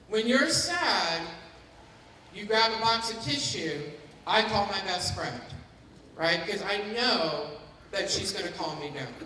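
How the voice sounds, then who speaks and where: In a large hall at a community forum, a dementia care educator runs a caregiver workshop, addressing the room and keeping people engaged with frequent questions and check-ins. Her voice is lowish, bright and forceful. The recording is echoey and distant, with a little hiss or hum.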